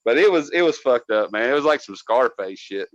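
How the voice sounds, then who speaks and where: A man's voice: mid-range voice, a little fast, dry recording, muffled recording. Profane man telling a work story. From North Georgia. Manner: profane, animated, acts out quotes loudly. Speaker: podcast co-host, former cable tech. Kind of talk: casual storytelling.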